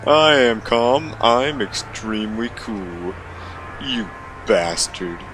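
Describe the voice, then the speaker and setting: A man's voice: medium pitch, takes it slowly, noisy background, lightly acted. A man voicing a bitter, cornered husband who seethes in clipped bursts, in a visual novel reading. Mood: seething. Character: angry middle-aged husband, bitter and cornered.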